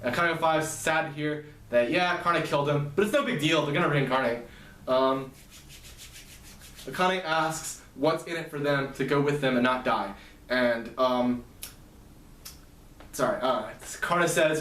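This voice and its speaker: A man's voice: on the high side, moderate pace, a bit bright. A man casually recapping a story, rambling and self-amused, full of fillers and side comments. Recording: echoey room, mic at a distance.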